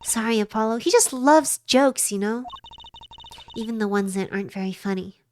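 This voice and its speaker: A woman's voice: a little high, normal speed, a little hiss or hum, natural voice. A woman voicing a cheerful, playful teenage girl with a bubbly, sing-song delivery.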